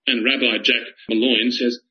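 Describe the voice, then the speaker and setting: A man's voice: mid-range voice, normal speed, husky. An Australian man hosting a talk segment, reading quotes aloud and telling a personal anecdote. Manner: animated storyteller, quoting others aloud. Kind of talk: spoken commentary and anecdote. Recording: dull lo-fi broadcast audio.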